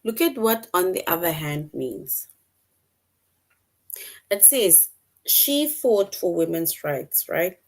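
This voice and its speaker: Slow, low-voiced woman teaching children. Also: sing-song. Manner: patient, checks in with frequent "right?"; reads sentences aloud slowly and clearly. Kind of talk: online lesson for children.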